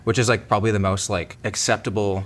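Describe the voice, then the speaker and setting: A man from Canada, a guest on a cooking show, chatting in a quick, joking way. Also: lowish voice, little pitch movement, fairly bright tone, slight background noise. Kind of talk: casual chat.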